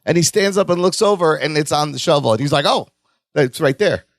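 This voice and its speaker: Lively man recapping a sitcom. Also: brisk, no echo. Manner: animated, acts out lines in a high whiny voice. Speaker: podcast co-host. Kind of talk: casual chat recapping a sitcom episode.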